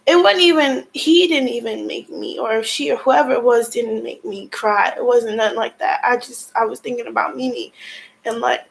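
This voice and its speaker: Young woman vlogger, high voice, emotional venting, tearful and frustrated. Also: normal speed, creaky, poor audio. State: crying at times. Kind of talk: emotional personal vlog talk.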